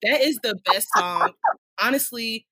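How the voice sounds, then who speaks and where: Animated woman podcast co-host. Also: on the high side, unhurried. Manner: animated, slangy, laughs often. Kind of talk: casual chat.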